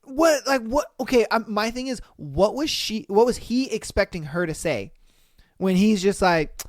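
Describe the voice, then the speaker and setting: A man hosting a casual podcast, reacting to listener posts with profane disbelief and loud bursts of laughter. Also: high voice, lively intonation, unhurried, dry recording, clean studio sound. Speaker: podcast host.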